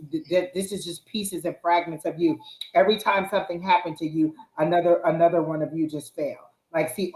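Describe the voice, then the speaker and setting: A woman's voice: fairly low pitch, roomy sound, rough recording. A woman tarot reader giving earnest, repetitive spiritual advice in a casual live reading.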